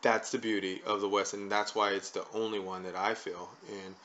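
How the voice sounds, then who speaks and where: On a dull lo-fi recording with a little hiss or hum, this man's low-leaning voice sounds a bit bright, flat in pitch and a little fast. Hosting a casual talk show, he rambles conversationally and peppers his points with "right?"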